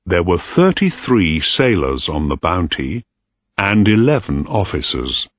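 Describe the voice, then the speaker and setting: A man slowly narrating a simple story for English learners, reading it clearly. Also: low voice, no room sound. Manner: very slow, clear, lively intonation. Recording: dry tinny lo-fi recording.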